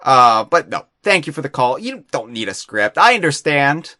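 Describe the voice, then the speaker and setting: In a laid-back podcast chat, the host wanders and mocks himself, frequently stumbling as he talks. His mid-range voice swings widely in pitch at a moderate pace, sounding bright and forceful in a dry, clean studio recording.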